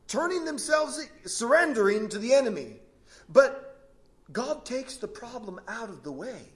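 A man with a high-pitched voice preaches a sermon, retelling a Bible story with lively, animated storytelling. He frequently breaks off mid-sentence and restarts, swinging between hushed moments and emphatic, rising passages.

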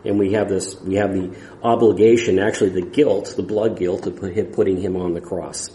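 Roomy, mellow-voiced male preacher. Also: sits low, fairly even intonation, a little hiss or hum. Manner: earnest, halting with restarts and fillers. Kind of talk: expository sermon.

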